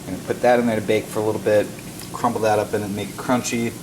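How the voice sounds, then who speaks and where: Young male vlogger, lowish voice, offhand home-video chatter over steady background noise. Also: very fast. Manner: offhand and rambling, self-mocking asides. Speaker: fitness vlogger. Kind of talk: casual vlog narration. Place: home, kitchen and bathroom.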